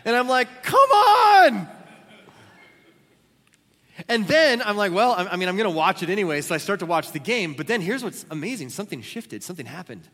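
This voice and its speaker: Animated preacher in a reverberant hall. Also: male voice, high-pitched, quick pace, few pauses. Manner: animated storytelling with sudden loud exclamations. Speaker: pastor. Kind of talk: sermon. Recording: long reverb of a large hall.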